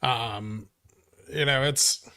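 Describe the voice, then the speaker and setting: A man's voice: mid-range voice, drawn-out words, sharp tone. A man hosting a live stock market stream, talking casually and reading chat aloud, with wry, profane, ranting asides. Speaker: livestream host.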